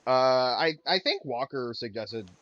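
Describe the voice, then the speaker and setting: A man's voice: mid-range voice, animated, measured pace, dry recording, lo-fi sound. A man casually chatting while streaming a video game, rambling and losing his train of thought. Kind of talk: casual gameplay chat.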